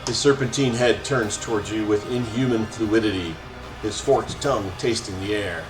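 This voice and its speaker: A man's voice: fairly low pitch, normal speed. A man hosting a let's play, casually reading game text aloud with his own asides. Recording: roomy echo, faint music.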